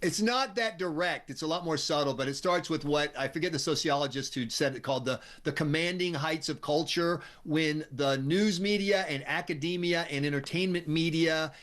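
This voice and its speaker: A man's voice: fairly high pitch, normal speed, hardly any pauses. Give me an emphatic man, a political pundit being interviewed. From United States. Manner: emphatic, sarcastic, animated. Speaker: political commentator guest. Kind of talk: talk radio interview.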